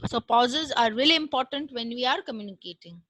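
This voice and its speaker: High, bright woman lecturing. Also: dry recording, poor audio. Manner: measured, explanatory, with frequent fillers. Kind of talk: online class lecture.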